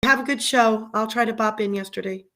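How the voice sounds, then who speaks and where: A woman's voice: a little high, fairly quick, pushed and bright. A middle-aged woman hosting a casual livestream, impassioned and often repeating herself, her stream sometimes choppy. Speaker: livestream host. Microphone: internet stream with choppy audio.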